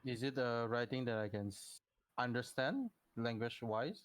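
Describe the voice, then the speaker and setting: A man's voice: mid-range voice, normal speed, clean tone. A man in casual chat as a player in a tabletop game, wry in manner.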